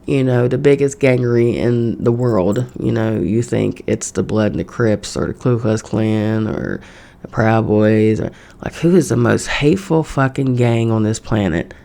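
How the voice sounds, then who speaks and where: A woman podcast host with a gravelly edge to her voice, speaking in a casual spiritual monologue. She talks bluntly and swears freely, like she's chatting with friends from her home. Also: extremely low pitch, a little slow, dark tone. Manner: blunt, profane, conversational. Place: home in New York.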